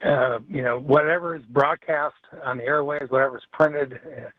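A man calling in to a radio show, making his point in an earnest, deliberate way. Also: mid-range voice, steady tone, dry recording. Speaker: radio caller. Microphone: telephone. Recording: tinny phone line.

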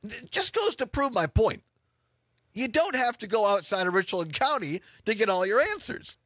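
A man's voice: sits high, sing-song, normal speed, pushed and bright, dry recording. A man from Wisconsin hosting a radio talk show, chatting casually and jokily with many restarts. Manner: rambling, jokey, restarts a lot.

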